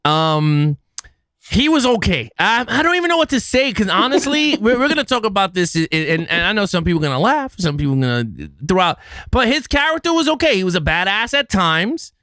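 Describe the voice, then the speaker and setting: A young man co-hosting a movie review podcast, talking casually and joking, with animated restarts. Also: sits high, brisk, no room sound, clean studio sound. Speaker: podcast co-host.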